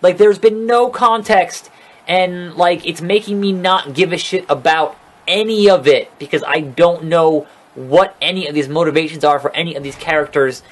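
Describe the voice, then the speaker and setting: A man's voice: a little high, moderate pace. A man giving a casual, rambling recap of a wrestling show, swearing freely and sounding exasperated and sarcastic.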